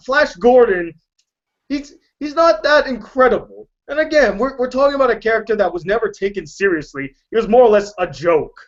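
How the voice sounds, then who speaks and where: A man's voice: high voice, dull audio. A man hosting a casual movie debate, playful and argumentative, laughing often. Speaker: host.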